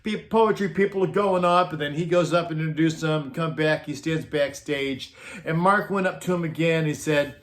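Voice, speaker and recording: A middle-aged man telling a casual comedic anecdote about his work, chuckling often and acting out quoted lines in animated voices. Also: on the high side, moderate pace. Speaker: storyteller recounting road crew tales.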